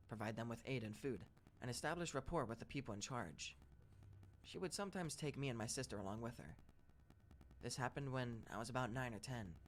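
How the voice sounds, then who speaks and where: A man narrating first-person scary stories in a steady, even read-aloud delivery. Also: mid-range voice. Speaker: story narrator.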